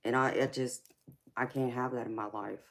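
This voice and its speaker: A woman's voice: a bass voice, fairly even intonation, moderate pace. A woman, tired from little sleep, hosting a tarot livestream and talking affectionately with viewers, calling them honey and girlfriend. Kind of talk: casual livestream chat.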